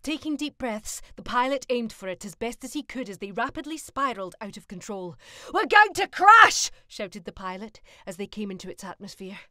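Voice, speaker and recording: A woman reading an audio story as narrator, lively and expressive. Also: mid-range voice, fairly quick, few pauses, no echo.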